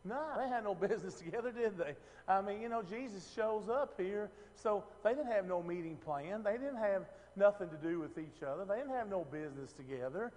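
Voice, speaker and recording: A man's voice: high-pitched, expressive, fairly quick, hardly any pauses, darkish tone, long reverb tail. A man teaching a Bible passage in a casual, conversational way, often asking the room questions and restarting his sentences. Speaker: preacher.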